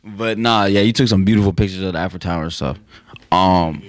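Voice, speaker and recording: A man's voice: sits low, fairly quick. A young man co-hosting a casual podcast, chatting playfully and jumping in with jokes and questions. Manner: playful, interjecting, jokey. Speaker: podcast co-host. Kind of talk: casual chat.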